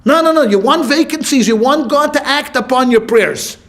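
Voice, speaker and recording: A man's voice: very high voice, moderate pace. A man teaching a class as a rabbi, asking the room questions, answering them himself and telling short stories with quoted lines. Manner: lively, asks questions and answers them himself, tells anecdotes with voiced quotes. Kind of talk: classroom lecture with questions to the audience.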